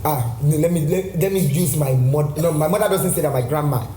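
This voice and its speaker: A man's voice: fairly high pitch, a little fast, mellow, slight background noise. A Nigerian man in his forties, a guest in a casual chat, exuberant and theatrical, often breaking into sing-song. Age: 40s. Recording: echoey room with faint music.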